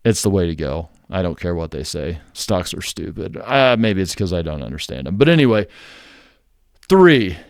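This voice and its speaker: A man's voice: low voice, big pitch swings, normal speed, smooth, no room sound, clean studio sound. A man, hosting a real estate investing channel, explaining in a blunt, conversational and emphatic way. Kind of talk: casual explainer to camera.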